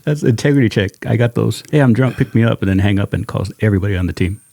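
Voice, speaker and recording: A man hosting a podcast, chiming in with quick, chummy agreement. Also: fairly low pitch, creaky, warm tone. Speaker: podcast host. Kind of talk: casual podcast chat.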